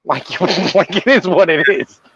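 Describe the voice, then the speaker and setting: A man's voice: high-pitched, animated, a little slow, fairly bright tone, slightly rough. A man chatting casually and brashly, swearing in almost every sentence. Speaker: guest. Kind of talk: casual profane chat. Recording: dull, dry lo-fi audio.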